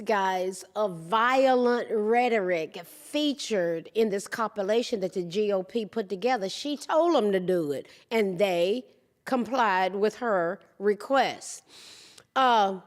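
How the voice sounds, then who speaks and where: A middle-aged woman hosting a podcast, delivering an emphatic opinion monologue that repeats its points and keeps addressing the listeners as "guys". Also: mid-range voice. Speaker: podcast host.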